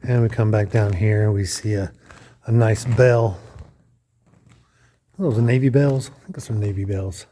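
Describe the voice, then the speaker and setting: A man's voice: lowish voice, steady tone, unhurried, long pauses, mellow. A man casually narrating a walking tour of a lodge room, thinking aloud with frequent restarts and guesses. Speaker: vlogger touring a lodge.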